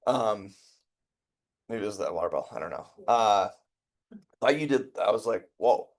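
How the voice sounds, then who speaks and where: Energetic man coaching a sales team. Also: on the low side, moderate pace. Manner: energetic, conversational, checks in with listeners. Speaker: sales trainer. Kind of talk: sales training talk with stories.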